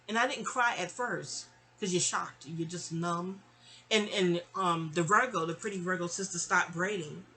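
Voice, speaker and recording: A woman's voice: on the low side, a bit bright, a little hiss or hum, rough recording. A woman from New York telling a personal story in a casual, rambling way, talking straight to her listener and acting out other people's voices. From New York (Queens). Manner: acts out others' voices in quoted dialogue.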